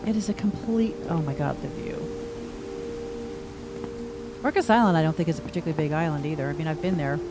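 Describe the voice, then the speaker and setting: A woman's voice: deep voice, fast, pauses often, over music. A middle-aged woman giving casual gameplay commentary, chatty and thinking aloud with wry asides. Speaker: gaming streamer.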